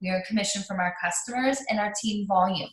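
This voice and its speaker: A woman's voice: medium pitch, fast, roomy sound. A woman leading a live online training for new team members, talking in a chatty, upbeat way with lots of ums and restarts.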